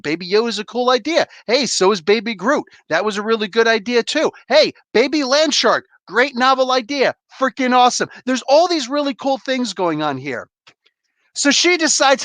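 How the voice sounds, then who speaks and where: A man's voice: sits high, expressive, moderate pace, fairly bright tone, no echo. A man hosting a live comic book review, ranting in an exasperated, blunt way, swearing casually and calling out viewers in chat. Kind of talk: heated live review rant.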